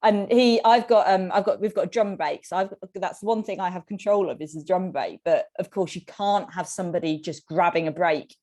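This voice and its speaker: Telling relaxed stories as a guest on a podcast, this tandem cyclist giggles constantly and often breaks into laughter partway through sentences. She's animated, with a lowish voice, a normal speaking speed and few pauses.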